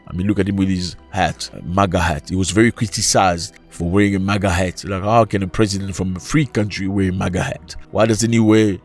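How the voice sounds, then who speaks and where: A man hosting opinionated commentary, talking in an animated way with rhetorical questions and sudden jumps in pitch. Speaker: commentary channel host.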